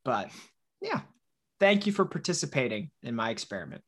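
A man's voice: medium pitch, sing-song, moderate pace. A man from Wisconsin co-hosting a casual podcast, curious and a little rambling as he talks. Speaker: podcast co-host. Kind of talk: casual chat.

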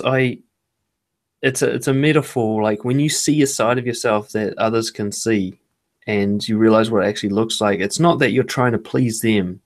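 A man talking in a relaxed podcast conversation as a guest author, acting out other people's thoughts and swearing casually. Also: medium pitch. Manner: animated, acts out quoted thoughts, swears casually.

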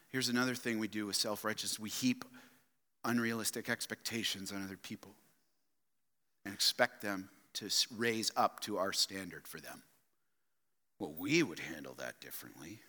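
A man preaching a sermon, swinging between loud emphatic outbursts and quiet, low asides, often asking his listeners rhetorical questions. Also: long reverb tail. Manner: addresses listeners as "loved ones" and asks rhetorical questions. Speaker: pastor. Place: church sanctuary.

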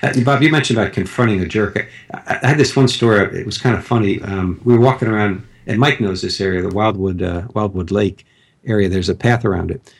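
A man speaking quickly in a lowish voice chats casually, wandering through an anecdote about himself and frequently starting over.

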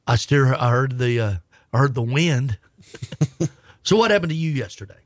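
A man's voice: mid-range voice, no echo, clean studio sound. A man co-hosting a sports radio show, joking casually and restarting his sentences. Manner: easygoing, joking banter, halting restarts.

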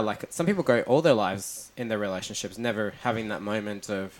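A man's voice: on the low side, animated, a little fast. A man in his thirties hosting a podcast, telling personal stories in a reflective, casual way. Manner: reflective, storytelling with repeated starts. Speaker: podcast host. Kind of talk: casual chat.

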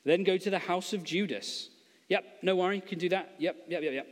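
A man's voice: high voice, moderate pace, in a large hall, lightly acted. A man voicing an eager, willing male disciple who cheerfully agrees to every instruction in a retelling.

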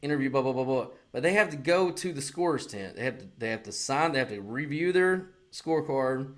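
A man, co-hosting a casual podcast chat, animated and profane, acting out other people's lines as he tells a story. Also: mid-range voice, fairly quick. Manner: animated storyteller, heavy swearing, acts out quotes. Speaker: podcast co-host.

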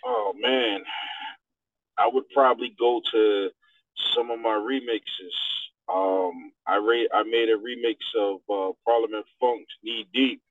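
DJ guest talking on a dry tinny line. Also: male voice, on the low side, slow pace, no echo. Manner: animated storyteller, acts out quotes. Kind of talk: radio interview. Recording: dry tinny phone-like sound.

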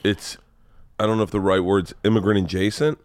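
A man's voice: lowish voice, flat delivery, a little fast, dry recording, clean studio sound. A man hosting a podcast, talking casually in a rambling way, stumbling over restarts and swearing freely. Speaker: podcast host.

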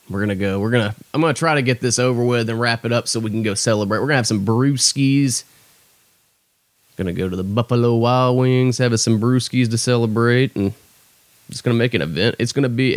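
A man hosting a comedy podcast, talking casually in a jokey way that swings between excitement and mock tears. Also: mid-range voice, dry recording. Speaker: podcast host.

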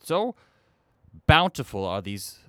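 A man doing a dead president brought back for a podcast, lecturing in stately, old-fashioned phrases. His low voice swings widely as he preaches. The sound is dry and close. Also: very animated, takes it slowly, no echo. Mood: solemn. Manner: formal old-fashioned diction, sermonizing. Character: Abraham Lincoln, dead president back to banter, solemn preachy. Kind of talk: comedy podcast character bit.

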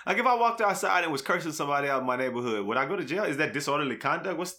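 A man's voice: a little high, animated, very fast, sharp tone. A man hosting a podcast in casual, joking chat, loose and profane. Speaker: podcast host.

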